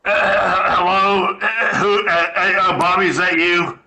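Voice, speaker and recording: A man putting on a groggy, bright, distant caller. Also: high voice, fairly even intonation, a little slow, creaky, full character voice. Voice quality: groggy and hesitant. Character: sleepy middle-aged man woken by a phone call.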